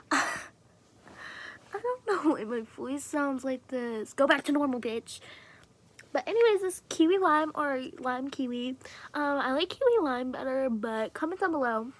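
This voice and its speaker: A woman vlogger chatting casually to camera about her fidget toys, rambling, swearing freely and often dropping into a whisper. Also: high voice.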